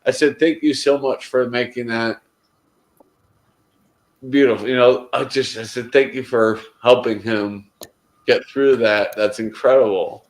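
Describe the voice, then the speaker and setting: A man's voice: medium pitch, fairly even intonation, unhurried, echoey room, low-quality recording. A man in casual group conversation, telling a heartfelt story in a rambling way, often restarting his sentences. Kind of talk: casual chat.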